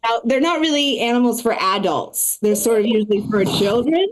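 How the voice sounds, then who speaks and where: A woman performing a stand-up comedy set and hosting a live show, talking in a quick, chatty way full of asides. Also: fairly high pitch, lively intonation.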